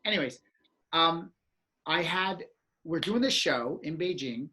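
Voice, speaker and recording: A man telling a story in casual chat, animated and acting out reactions with exclamations. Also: on the high side, a little slow, a little hiss or hum.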